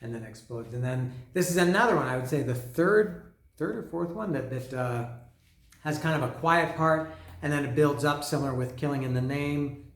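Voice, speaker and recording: A fairly high-voiced man talking casually about music in a roomy, echoing space. He gets excited and trips over his words, restarting and apologizing as he goes. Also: moderate pace. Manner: excitable, stumbling, self-apologetic. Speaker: podcast host. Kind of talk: casual music album commentary. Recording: roomy echo.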